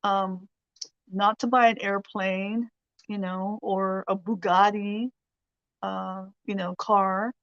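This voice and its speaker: A woman's voice: medium pitch, level tone, takes it slowly, fairly bright tone, no echo, dull audio. A woman hosting a weekly prayer show, giving a chatty, rambling faith lesson with frequent laughs. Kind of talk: casual faith teaching.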